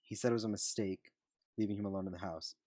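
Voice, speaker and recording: A man's voice: fairly low pitch, steady tone, fast talker, darkish tone, no room sound, studio quality, lightly acted. A man voicing a young British man who is polite and wry, read aloud from a story.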